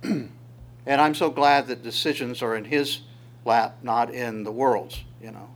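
Man preaching, energetic Bible teaching, medium pitch, lively rhetorical delivery. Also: a little slow. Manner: animated, voices God's words in quotes, asks rhetorical questions, chuckles. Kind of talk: sermon teaching through Psalms.

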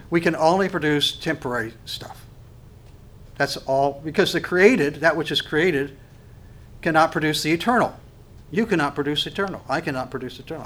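Emphatic preacher man, higher voice. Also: fairly bright tone. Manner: expository preaching with sudden emphatic rises and slow stressed phrases. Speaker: pastor. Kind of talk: sermon.

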